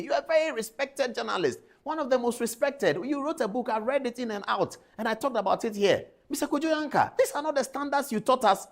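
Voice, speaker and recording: A woman giving indignant political commentary, calling out people by name and repeating her points. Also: fairly high pitch. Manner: indignant, addressing people directly.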